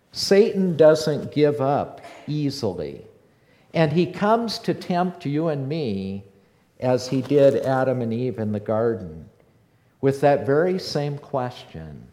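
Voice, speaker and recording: A male pastor preaches in a slow, unhurried cadence, leaning on repeated lines for emphasis. His voice rings out with a long reverb tail from a large hall. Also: medium pitch, very animated, mellow. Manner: preaching with rising fervor, repeating phrases. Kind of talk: sermon.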